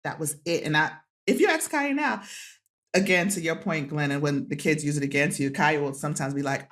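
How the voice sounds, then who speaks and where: A woman who is a podcast guest, telling a heartfelt story in an animated way, acting out quotes and laughing often. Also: low-pitched, fairly quick, noisy background.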